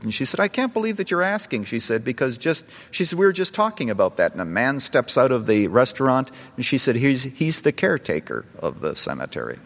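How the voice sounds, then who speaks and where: A man's voice: lowish voice, vocal fry. A middle-aged male pastor preaching a sermon, telling a story and building to impassioned appeals. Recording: long reverb of a large hall.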